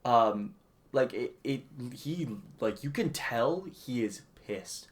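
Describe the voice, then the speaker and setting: A man's voice: medium pitch, lively intonation, takes it slowly. A man co-hosting a casual movie review podcast, talking animatedly with lots of restarts and frequent laughter. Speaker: podcast co-host.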